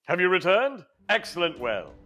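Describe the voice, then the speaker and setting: A man's voice: sits high, wildly swooping pitch, moderate pace, pushed and bright, faint music behind. Theatrical man in a put-on English accent. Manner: theatrical, playful and emphatic. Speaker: training video narrator. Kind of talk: scripted training narration.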